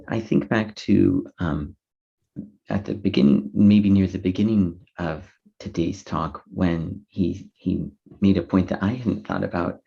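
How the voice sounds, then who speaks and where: A man co-hosting a podcast, speaking haltingly with frequent fillers, on a dull lo-fi recording. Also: deep voice, vocal fry, dark tone, breathy edge. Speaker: podcast co-host. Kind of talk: casual interview talk. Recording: dull lo-fi sound.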